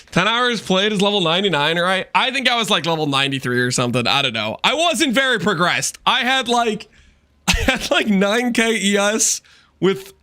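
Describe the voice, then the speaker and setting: A young man chats on a game stream in a high, clear, smooth voice. He spins his stories with theatrical flair and keeps checking in with "okay?". The sound is dry and close. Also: pushed and bright, dry recording. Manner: theatrical storyteller, repeats "okay?" for emphasis. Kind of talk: casual live-stream chat.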